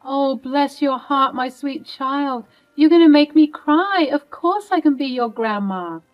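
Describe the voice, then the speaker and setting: A woman's voice: sits high, lively intonation, unhurried, highs cut off, soft background music, voice pushed up. Woman voicing a kind, protective grandmother. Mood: tender. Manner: soothing, motherly.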